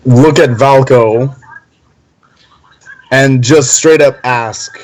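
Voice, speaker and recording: Slow-talking man player. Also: mid-range voice, rough recording. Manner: hesitant, many "um"s. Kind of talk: narrating his character's actions.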